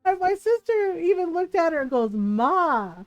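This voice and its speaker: A woman streaming a game and chatting casually, telling animated stories with frequent laughs and lots of "like" fillers. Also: very high voice, brisk, no echo, lo-fi sound. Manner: animated storyteller, laughs often, many "like" fillers. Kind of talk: casual chat while playing a game.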